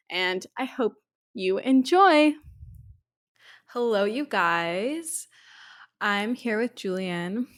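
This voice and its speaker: A young Canadian woman hosts her podcast in a chatty, bubbly way, full of little "like"s. Her voice is a bit hoarse from a cold, and it sits at an ordinary middle pitch. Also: a bit bright. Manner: chatty and enthusiastic, many fillers like "like". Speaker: podcast host. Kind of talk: casual podcast chat.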